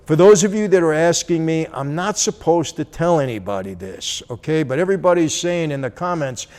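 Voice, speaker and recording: Animated man telling a story. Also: on the high side, brisk. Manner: animated, acts out dialogue. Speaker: channel host. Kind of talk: casual storytelling.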